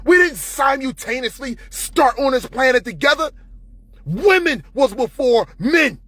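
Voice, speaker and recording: A man's voice: very high-pitched, lively intonation, unhurried, a bit bright, no room sound. A man in an unscripted monologue to camera, profane and preachy, often heated. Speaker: vlogger.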